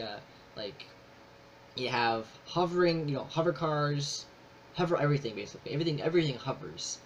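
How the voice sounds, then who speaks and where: Rambling man reviewing a movie. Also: medium pitch. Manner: rambling, full of fillers and restarts; enthusiastic. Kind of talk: casual spoken movie review. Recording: slightly dull with faint noise.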